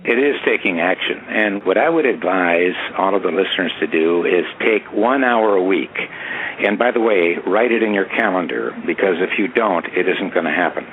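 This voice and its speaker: A man's voice: low voice, moderate pace, slightly rough. A man giving emphatic, coaching-style motivational advice as a guest in a panel discussion. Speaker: panel guest, success speaker. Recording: tinny phone-like sound with faint hiss.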